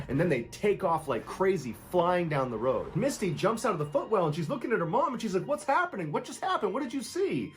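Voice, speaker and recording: A man telling true scary stories as scripted narration, with a dramatic delivery that acts out the people in the story. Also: a little high.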